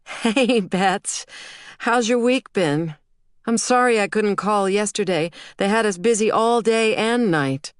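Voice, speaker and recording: A woman voicing a gentle, guilt-ridden soldier mother pleading with her child in an audiobook. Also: mid-range voice, takes it slowly, no room sound, clean studio sound, voice pushed up, natural voice.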